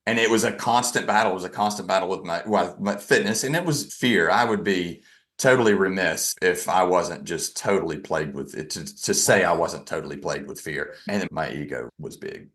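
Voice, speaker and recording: A man speaking as a podcast guest, telling his own story frankly, often halting and restarting his sentences, with a self-deprecating edge. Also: low voice, a bit bright. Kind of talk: candid personal storytelling.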